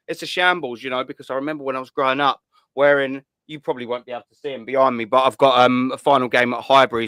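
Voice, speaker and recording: A man's voice: medium pitch, sharp tone, clear, resonant tone, dry recording. A man, hosting a casual call-in chat with blunt, sweary banter. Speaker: host.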